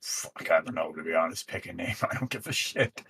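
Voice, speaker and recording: A man's voice: sits low, lively intonation, fairly quick, vocal fry, bright, forceful tone, slightly rough. A man chatting casually with fellow server admins while working on a game map, laid-back and swearing freely.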